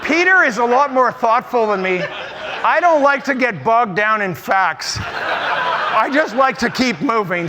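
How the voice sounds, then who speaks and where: A man preaching an energetic conference sermon, humorous and emphatic, often repeating words. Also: very high-pitched, unhurried, background noise. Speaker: pastor speaking at a church conference.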